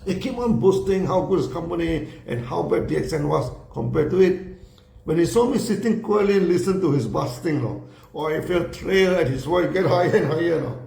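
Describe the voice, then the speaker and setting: A man with a high, gravelly voice tells a story with lively quoted dialogue. His speech is peppered with "you know" and "no" as he acts out each exchange. The recording has a roomy echo. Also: brisk. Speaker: speaker telling a business story. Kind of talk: storytelling talk.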